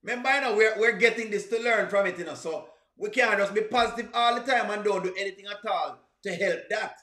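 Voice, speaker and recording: A man's voice: sits high, fast talker, bright, forceful tone, reverberant. A man hosting a comedic reaction video, preachy and teasing, with punchy exclamations.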